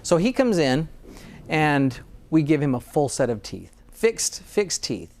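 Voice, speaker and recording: A man's voice: on the high side, sing-song, measured pace, darkish tone. A dentist in conversation, speaking earnestly and often repeating words as he starts a thought. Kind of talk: conversational interview.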